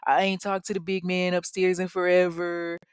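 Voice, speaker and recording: A woman's voice: fairly low pitch, flat delivery, normal speed, clean tone, dry recording, clean studio sound, close to an everyday voice. Brash man, crude slang, indignant, defensive, woman doing the voice.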